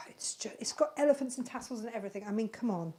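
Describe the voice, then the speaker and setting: Warm in tone and fairly high in pitch, a woman chats on her live crafting channel. She rambles fondly and casually about the handmade bags she's selling, in easygoing live-stream product chat.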